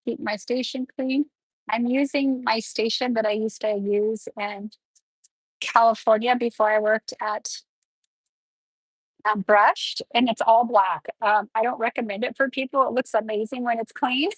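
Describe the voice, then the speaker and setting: Woman nail educator, chatty step-by-step delivery, husky tone, dry close sound. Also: fairly high pitch, fairly even intonation, measured pace, dry recording, rough recording. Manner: chatty, explains each step while working. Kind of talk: live nail tutorial.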